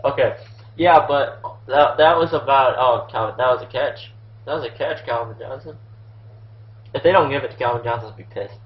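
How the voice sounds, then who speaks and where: A man's voice: medium pitch, normal speed. A teenage boy doing casual gameplay commentary, rambling with lots of ums and likes and heavy swearing. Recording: roomy, muffled lo-fi sound with faint hiss.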